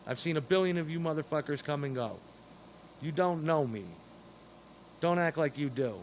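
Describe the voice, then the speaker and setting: A man's voice: on the high side, moderate pace, slight background noise. Heated, foul-mouthed ranting man. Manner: profane, rambling, heated. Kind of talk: angry ranting monologue.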